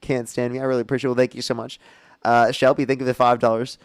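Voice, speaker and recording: A young man hosts a live political debate stream, arguing combatively and profanely with guests and rattling off thanks for donations. His mid-range voice is smooth but flat, and he talks very fast.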